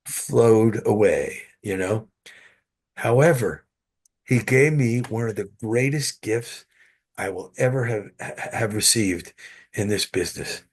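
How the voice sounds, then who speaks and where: A man guest, an actor, telling animated stories in an interview with frequent restarts, heard over a video call. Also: lowish voice, takes it slowly, husky. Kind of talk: interview storytelling.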